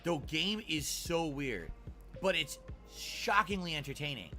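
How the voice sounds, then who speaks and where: Chatty streamer man, bright voice. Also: a little high, a little slow, faint music behind. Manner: animated, chatty, self-mocking. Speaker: streamer reacting to old clips. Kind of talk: casual stream commentary.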